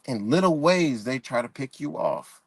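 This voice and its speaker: A male livestream host, medium-pitched and husky, goes on a casual, blunt rant full of profane street talk while welcoming chat viewers. He sounds animated and speaks at a normal speed, with no room sound.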